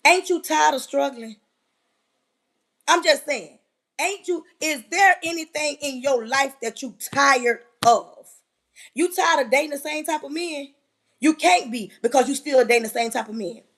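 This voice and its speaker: Very high-voiced woman preaching fervently. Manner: fervent, preachy, repeats phrases, often yells. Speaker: motivational speaker on a live stream. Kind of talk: motivational live-stream talk.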